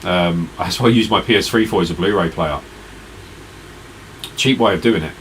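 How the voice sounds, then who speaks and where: Man, very deep voice, tired, rambling stream chat, faint air conditioning hum. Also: moderate pace, rough recording. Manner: rambling, chatty, talks to viewers in chat. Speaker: retro gaming live streamer. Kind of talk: casual live-stream chat.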